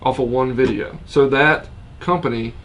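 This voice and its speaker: A man's voice: medium pitch, steady tone, moderate pace, fairly bright tone. A man co-hosting a casual chat, adding short agreeing remarks and brief points. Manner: short agreeing interjections, easygoing. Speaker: co-host of an outdoors channel.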